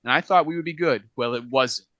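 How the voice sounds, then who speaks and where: A young man spins a work story for a podcast, animated and quick to laugh. His tone is bright and pushed forward, recorded dry and close with no room sound. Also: a little high, dry recording, muffled recording. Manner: animated anecdote-telling, laughing often, acting out quotes. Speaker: podcast co-host. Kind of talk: casual storytelling chat.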